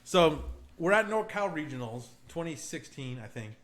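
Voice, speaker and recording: Profane, animated young man telling a story. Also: a little high, moderate pace. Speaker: podcast host. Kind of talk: casual storytelling chat. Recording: roomy echo, faint background noise.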